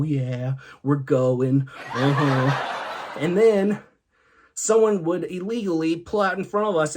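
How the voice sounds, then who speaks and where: A man's voice: fairly high pitch, darkish tone. A young man hosting a comedy show, telling goofy family stories and laughing along with them. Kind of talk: comedic storytelling monologue.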